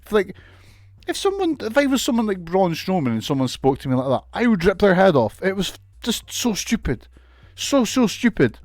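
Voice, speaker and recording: A man's voice: sits high, big pitch swings, normal speed, dry recording, studio quality. Sweary sarcastic man reviewing wrestling. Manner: sweary, sarcastic, laughs often. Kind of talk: casual recap commentary.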